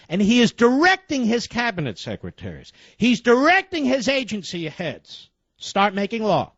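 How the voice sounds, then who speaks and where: An outraged man runs a talk radio segment, his voice sitting very high and leaping around as he presses his points. The sound is close and dry, with a muffled, lo-fi broadcast quality. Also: no echo. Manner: indignant, emphatic, rhetorical questions.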